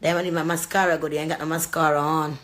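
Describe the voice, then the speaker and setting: A woman's voice: sits low, little pitch movement, fast talker, a bit bright. A woman with a Jamaican accent telling a story as a heated, profane vlog rant. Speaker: vlogger.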